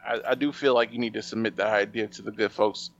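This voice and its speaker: A man chats loosely on a podcast, circling back and restarting his thoughts. His voice has a gravelly rasp. The recording sounds slightly muffled. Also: fairly low pitch, fairly even intonation, fast. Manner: rambling, with many fillers and restarts. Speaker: podcast host. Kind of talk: casual podcast banter.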